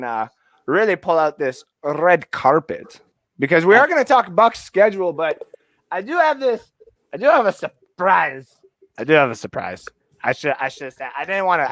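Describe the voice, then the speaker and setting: A man's voice: on the high side, a bit bright, dry recording. A man from Canada hosting a live sports talk stream, joking and rambling with restarts. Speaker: podcast host. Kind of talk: casual live-stream chat.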